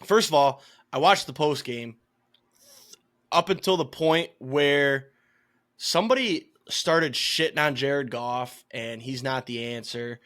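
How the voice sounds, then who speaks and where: A young man with a Michigan accent co-hosting a sports podcast, telling long rambling stories in casual chat, swearing freely and getting louder as he vents. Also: slow. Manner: rambling storytelling, swears freely, gets louder and higher when worked up. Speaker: podcast co-host.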